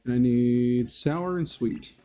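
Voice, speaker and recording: A man streams a game and chats with his viewers in a loose, easygoing way. His voice is mellow, and he laughs often. Faint music plays underneath. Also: medium pitch, slow pace. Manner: chatty, laughs often, talks to chat by name. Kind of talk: casual live-stream chat while playing.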